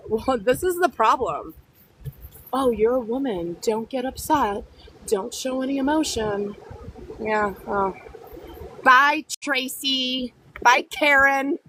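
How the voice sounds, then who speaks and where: A woman's voice: a little high, fairly bright tone, slight background noise, rough recording. A woman chatting casually on a phone live stream, reading comments aloud, blunt and feisty, dropping in Spanish words while she walks her dogs outdoors. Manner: blunt, feisty, quick to snap back at commenters.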